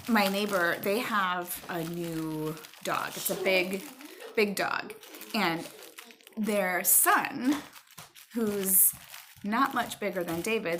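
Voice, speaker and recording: A middle-aged woman telling a rambling personal story at home to her viewers, with fillers and pauses. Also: lowish voice, fairly bright tone, slight background noise. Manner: chatty, rambling with fillers, stops to talk to her child. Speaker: vlogger. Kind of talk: casual storytelling to camera.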